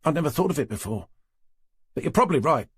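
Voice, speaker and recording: Man doing young constable, high, eager, apologetic. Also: lively intonation, quick pace, breathy edge, no echo, studio quality. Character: eager awkward young male detective constable. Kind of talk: audiobook character reading.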